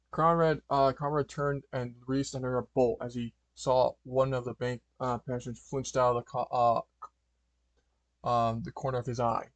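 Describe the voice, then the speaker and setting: A man's voice: medium pitch, flat delivery, moderate pace, no room sound. A man reads a fan-written story aloud in an ordinary mid-range voice. The sound is close and dry. He trips over words, backs up and corrects himself constantly. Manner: stumbling, frequent restarts and fillers. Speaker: fanfiction reader.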